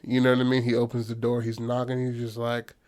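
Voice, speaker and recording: Male podcast co-host, casual swearing storyteller, middle pitch. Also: completely flat delivery, fast talker, a little mellow. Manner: loose, profane retelling with acted-out quotes.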